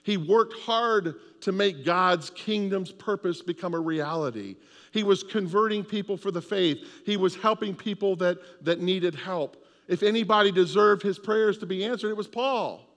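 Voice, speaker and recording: Male pastor, emphatic repetitive preaching, high-ish voice, long hall reverb. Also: normal speed, fairly bright tone. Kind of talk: sermon.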